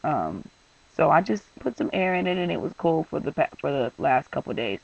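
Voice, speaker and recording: A man's voice: fairly high pitch, sing-song, fairly quick, creaky, distant mic, lo-fi sound. A young man venting in a vlog, rambling and exasperated with lots of fillers. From San Francisco Bay Area. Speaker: vlogger.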